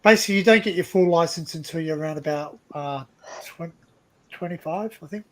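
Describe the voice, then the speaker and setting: An Australian man hosting a live stream over a video call, chatty and quick to laugh, often repeating himself. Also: fairly high pitch, rough recording. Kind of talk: casual live stream chat.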